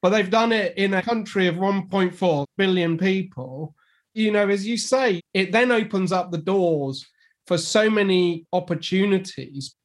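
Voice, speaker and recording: A man's voice: high-pitched, unhurried. A man in a podcast discussion, speaking reflectively and hedging his remarks. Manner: reflective, hedging with "you know" and "I guess".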